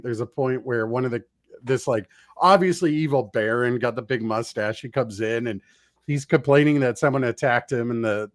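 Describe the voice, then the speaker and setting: A man's voice: medium pitch, dry recording, clean studio sound. A man co-hosting a casual gaming podcast, animatedly recounting trailers he watched. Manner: animated, acts out reactions to trailers. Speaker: podcast co-host.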